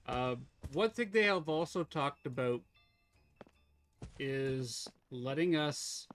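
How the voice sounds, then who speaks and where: A man's voice: medium pitch, lively intonation, slow, a bit bright, soft background music. A man streaming a game live, chatting casually with viewers, teasing them and laughing often.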